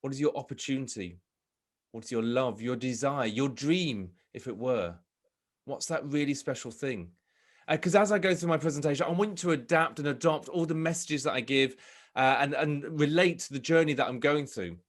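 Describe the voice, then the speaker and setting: A man from Britain giving a live motivational talk over a video call, telling his story with animated delivery. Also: mid-range voice, normal speed. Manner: animated storytelling, acts out crowd shouts. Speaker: motivational speaker.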